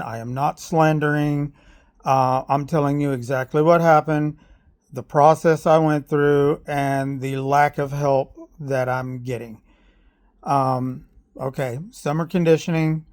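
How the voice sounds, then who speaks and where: A middle-aged man, a parent, telling his complaint in a personal video with earnest, halting speech full of fillers and a growing sense of grievance. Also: medium pitch, a little mellow. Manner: aggrieved, heats up when recounting.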